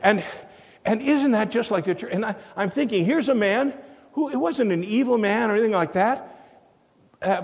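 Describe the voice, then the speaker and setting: A man's voice: sits high, a little mellow. An older man telling a rambling story in a sermon, full of fillers and restarts, recorded in a church. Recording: long hall reverb.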